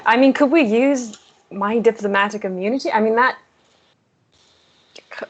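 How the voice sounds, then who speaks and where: A woman's voice: on the high side, moderate pace, highs cut off. A woman playing a tabletop role-playing game, speaking in a hesitant, thoughtful way with frequent restarts. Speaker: player. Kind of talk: in-character tabletop play.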